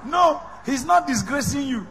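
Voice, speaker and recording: A man with a Nigerian accent preaching a sermon, swinging between loud shouts and soft whispers. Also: very high voice, lively intonation, normal speed, vocal fry. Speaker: pastor. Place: large church hall. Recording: reverberant hall with faint music.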